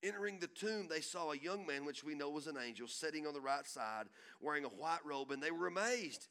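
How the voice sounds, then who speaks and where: A middle-aged man preaching a sermon, acting out voices and swinging from hushed lines to loud swells. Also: on the high side, lively intonation, fairly quick, smooth. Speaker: pastor.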